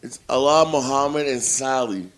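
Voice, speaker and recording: A man co-hosting a podcast, telling a story in a casual, profane, animated way and acting out his own reactions. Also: mid-range voice, normal speed, a little hiss or hum. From Italian family background. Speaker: podcast co-host.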